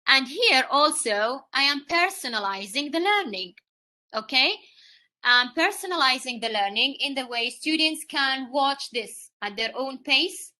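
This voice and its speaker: Bright-voiced woman presenting on teaching. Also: high-pitched, animated, unhurried. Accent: Saudi Arabian. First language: Arabic. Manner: explains with questions to the audience, frequent fillers and "okay?" checks. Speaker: English teacher giving a conference talk. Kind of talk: live teacher-training presentation.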